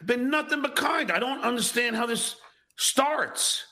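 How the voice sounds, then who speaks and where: A man's voice: very high-pitched, unhurried, gravelly, pushed and bright. A man reading tweets aloud on his show, aggrieved and defensive, boasting as he rants. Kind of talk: indignant ranting while reading social media.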